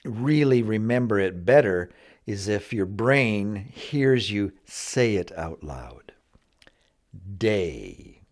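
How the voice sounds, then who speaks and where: Slow, low-voiced teacher. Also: male voice, darkish tone. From Canada. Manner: patient, drawn-out word drills. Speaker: English teacher. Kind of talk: slow, careful vocabulary lesson.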